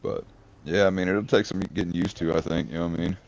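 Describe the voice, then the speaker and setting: A former infantry soldier chatting casually, telling rambling, profane stories. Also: male voice, sits low, steady tone, fast talker, vocal fry, darkish tone. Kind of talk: casual chat. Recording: dull lo-fi recording.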